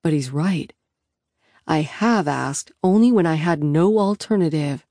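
A woman reads a novel aloud in the first person with an intimate, reflective manner. Her voice is fairly low and warm. The recording is close and dry, with no room sound. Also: animated, unhurried, dry recording. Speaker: audiobook narrator.

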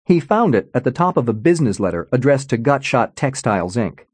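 A man narrating an audiobook in an expressive storytelling manner, on a close studio mic. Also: medium pitch, brisk, breathy edge, dry recording. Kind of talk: scripted narration.

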